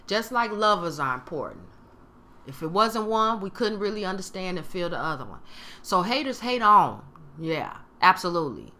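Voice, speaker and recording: A woman's voice: on the low side, very animated, moderate pace, sharp tone. A woman giving a motivational talk to camera, emphatic and given to acting out other people's tones. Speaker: motivational speaker.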